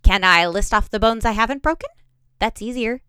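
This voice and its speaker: A woman's voice: on the high side, brisk, pushed and bright, smooth, no echo, clean studio sound. A woman reading the lines of a cheerful, carefree young man who is always breaking bones, in a casual, easygoing tone. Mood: breezy.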